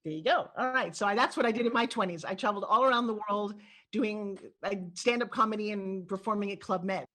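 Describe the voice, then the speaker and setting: A middle-aged woman from New York with a New York accent, telling stories as an animated, emphatic interview guest. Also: mid-range voice, a little fast. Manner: animated storyteller, lively and emphatic. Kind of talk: candid interview talk.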